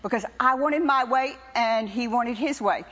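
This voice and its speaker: Older woman, high-pitched testimony preacher, animated and wry, dull lo-fi church recording. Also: moderate pace, in a large hall. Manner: animated, teasing, wry storytelling. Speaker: preacher's wife giving testimony. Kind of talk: sermon testimony to a congregation.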